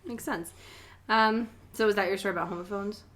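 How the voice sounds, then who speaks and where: A woman's voice: mid-range voice, fairly quick, fairly bright tone. A young woman co-hosting a casual podcast, teasing her friend and laughing often. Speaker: podcast co-host. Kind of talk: casual chat.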